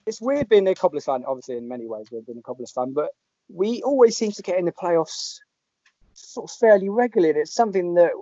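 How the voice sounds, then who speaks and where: Male podcast host from England, relaxed and chatty, joking with guests over a dull lo-fi line. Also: high voice, quick pace, no room sound. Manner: chatty, jokey, rambling with restarts. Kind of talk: casual podcast chat. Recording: dull lo-fi audio.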